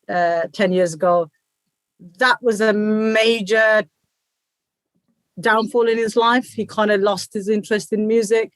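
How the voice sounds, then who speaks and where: Energetic British woman, chatty guest. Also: medium pitch, dry recording. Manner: energetic, animated, acts out quoted voices. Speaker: guest, dhol player and group founder. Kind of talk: casual interview chat.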